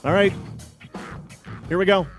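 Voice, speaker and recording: A man's voice: high voice, measured pace, music in the background. A man co-hosting a casual sports radio show, joking loosely with guests and reading sponsor spots.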